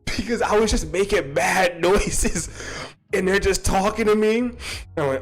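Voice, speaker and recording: A man's voice: animated, normal speed, faint music behind. Swearing young man telling a wild story. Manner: swearing, laughing, jumps to high-pitched quoted outbursts. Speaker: streamer. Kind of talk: casual storytelling to a live chat.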